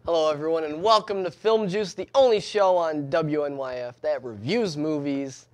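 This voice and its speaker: Young man, show host, casual movie chat, a bit high-pitched, stumbling restarts. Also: a little mellow. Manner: laughs often, stumbles and restarts, rushed bursts. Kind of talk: casual film review chat.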